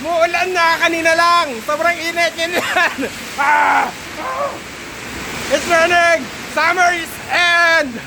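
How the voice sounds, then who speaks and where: A Filipino man vlogging outdoors on a handheld phone, excitable and whooping often. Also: very high voice, unhurried, hardly any pauses. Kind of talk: excited casual vlog. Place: outdoors in rain and wind. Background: faint wind and rain.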